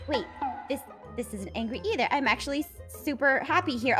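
A woman's voice: sits high, animated, a little fast. A woman acting out a Minecraft role-play in a bubbly, exaggerated, giggly way. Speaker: host playing herself in a Minecraft role-play. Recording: background music under the voice.

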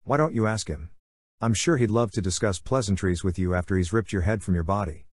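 A man's voice: fairly low pitch, brisk, a little mellow, no echo, studio quality, natural voice. Korax, a man voicing a grim defiant warrior. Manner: curt, spitting, growling. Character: grim, terse male warrior, defiant captive. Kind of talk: audiobook character voice.

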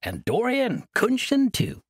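A man's voice: very high-pitched, wildly swooping pitch, takes it slowly, breathy edge, no room sound, studio quality, voice pushed up, heavily acted. A man voicing an eccentric, mischievous ancient male monk who talks in a playful, grandiose way. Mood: whimsical.

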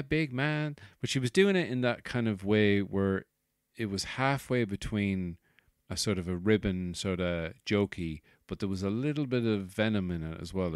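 Irish comic host, low voice, dry close sound, rambling and swearing. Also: male voice, no room sound. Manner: rambling, swearing, exasperated asides. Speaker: comedian and podcast host. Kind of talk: casual rambling monologue.

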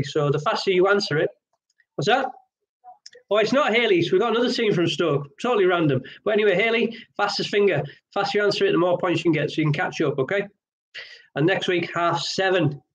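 A man's voice: high-pitched, slight background noise. A man hosting an online pub quiz, chatty and jokey with rambling asides. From Wales.

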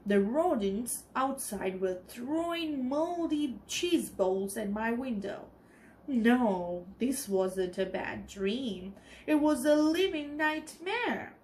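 A woman teacher from the Maldives reading a storybook aloud for a children's TV lesson, pausing to explain the text. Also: a little high, slight background noise. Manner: expressive, explains as she reads.

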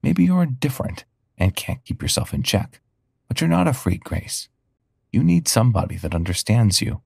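A kind dragon in human shape, coaxing and reassuring with a gentle teasing edge, as a deep-voiced male storyteller puts him on. The voice is low, gravelly and husky, and the storybook reading sounds close and dry. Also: very animated, moderate pace, dry recording, heavily acted.

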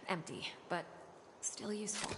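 An actress playing a female scientist stranded on an alien world, logging her findings in a calm, measured way. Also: mid-range voice. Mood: calm, focused. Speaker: game protagonist.

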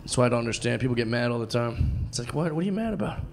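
A man performing stand-up comedy on a club stage, telling stories with animated, mocking voices and a self-assured delivery. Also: mid-range voice, racing, vocal fry. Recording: loud crowd noise, club ambience.

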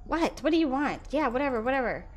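A young woman streaming a horror game, chatting with her viewers and reacting loudly. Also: high-pitched, animated, quick pace. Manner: chatty, loud reactions, talks to chat. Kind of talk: live horror game commentary.

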